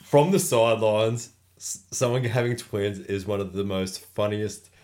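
A man's voice: fairly low pitch, a little slow. A man co-hosting a podcast, chatting casually and reacting with amusement to his friend's story. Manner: relaxed and amused, chimes in with reactions. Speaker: podcast co-host. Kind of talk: casual chat.

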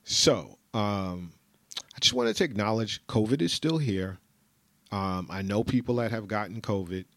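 A man hosting his own podcast, ranting bluntly with plenty of swearing and repeated points. His voice sits fairly low. The sound is dry and close, with no room echo. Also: measured pace, a bit bright. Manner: blunt, profane, repetitive ranting. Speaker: podcast host. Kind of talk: solo podcast rant.

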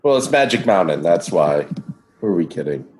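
A man hosting a casual podcast chat, relaxed and talkative, putting questions to his guests. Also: sits low, moderate pace, slight background noise. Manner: relaxed, chatty, asks the others questions. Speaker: podcast host.

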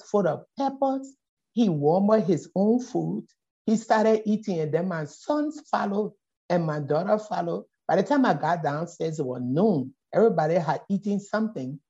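A middle-aged woman from Liberia with a Liberian accent, a poet telling a story as a guest in a conversation and acting out the voices in it. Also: fairly low pitch. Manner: animated, acts out voices in her stories. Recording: dull lo-fi audio.

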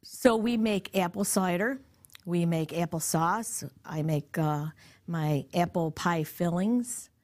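A middle-aged woman talks casually in a somewhat low voice. She rambles along, full of fillers and false starts. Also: takes it slowly, a little mellow. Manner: rambling, many fillers and restarts. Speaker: interviewee. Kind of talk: casual chat.

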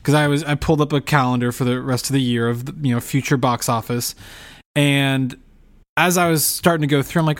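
A man co-hosting a casual podcast, quick and jokey as he talks through picks. His voice sits a little high for a man, and he keeps an easy, animated flow. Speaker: podcast co-host. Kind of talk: casual chat.

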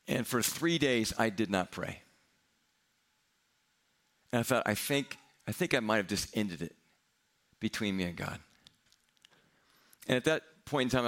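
A middle-aged male pastor telling a personal story in a sermon, candid and self-mocking with quick humor. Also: mid-range voice, a bit bright.

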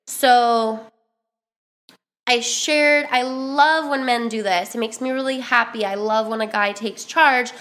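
Young woman vlogger with a slightly high, chatty voice, casual and animated. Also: slow pace. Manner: chatty, animated, lots of fillers. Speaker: dating advice vlogger. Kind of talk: casual advice monologue.

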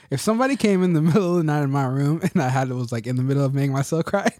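A man's voice: fairly high pitch, fast, mellow, dry recording, studio quality. A man co-hosting a casual podcast chat, joking and acting out quotes in a raised voice. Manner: jokey, acts out quotes in a raised voice. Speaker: podcast co-host.

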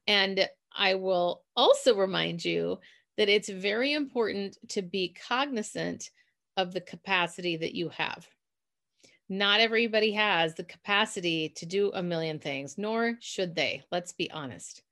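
A woman's voice: mid-range voice, unhurried, fairly bright tone. A woman with a Minnesotan accent, hosting a chatty motivational talk for listeners and laughing at herself now and then. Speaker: podcast host.

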